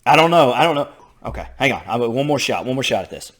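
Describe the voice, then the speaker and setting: Man, casual reaction commentary, animated pitch, self-deprecating. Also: fast talker. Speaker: video host reacting to a lesson.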